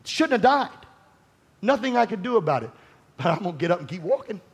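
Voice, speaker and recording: Fervent high-pitched preacher man. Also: very animated, brisk, slightly rough. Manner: fervent, rising to shouting, conversational asides to the congregation. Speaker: pastor. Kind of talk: sermon.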